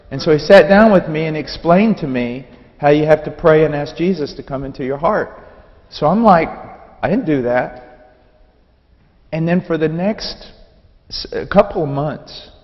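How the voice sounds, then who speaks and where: A man's voice: fairly high pitch, muffled recording. Fervent man preaching in a reverberant hall. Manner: animated storytelling, acts out dialogue. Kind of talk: personal testimony sermon.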